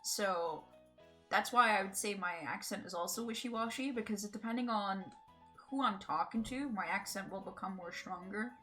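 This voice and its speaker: A woman's voice: mid-range voice, sharp tone. A woman with a Scottish accent, between Edinburgh and Glasgow, chatting casually on a gaming stream, swearing freely and laughing often. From Scotland. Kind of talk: casual live-stream chat while gaming.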